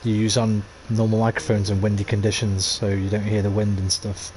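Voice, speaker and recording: A man's voice: fairly low pitch, completely flat delivery, fairly quick, darkish tone, slight background noise, rough recording. A man streaming a game on a headset mic, chatting casually and laughing at himself as he reads letters aloud. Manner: chatty, self-deprecating, laughs often. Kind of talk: casual gameplay commentary, reading letters aloud.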